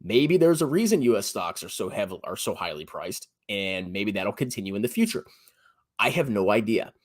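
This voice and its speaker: A man in his thirties giving blunt, sarcastic personal finance commentary on his own channel, often jumping to a high mocking pitch. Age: 30s. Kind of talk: animated solo commentary.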